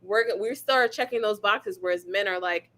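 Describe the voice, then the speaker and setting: A woman with a mid-range voice speaks frankly in casual podcast chat. She is blunt and profane and does not soften her opinions. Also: mid-range voice, moderate pace. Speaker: podcast co-host.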